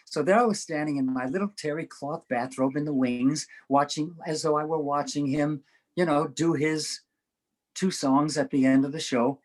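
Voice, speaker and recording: A man's voice: a little high, low-quality recording. An older man, an interview guest, telling show business stories with frequent laughter and acted-out voices. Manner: animated storyteller, laughs often, acts out voices. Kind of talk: anecdotal storytelling.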